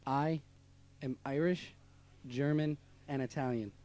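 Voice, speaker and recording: A young man co-hosting a casual radio show, tossing in teasing wisecracks and quick jabs. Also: mid-range voice, fairly even intonation, a little mellow. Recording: clearly audible clicks and background noise.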